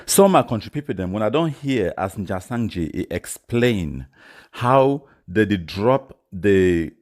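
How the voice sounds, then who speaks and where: A man's voice: on the low side, sing-song, a little slow, a little mellow. A man from Cameroon with a Cameroonian Pidgin English accent, hosting a commentary monologue and stressing key phrases by repeating them. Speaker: host.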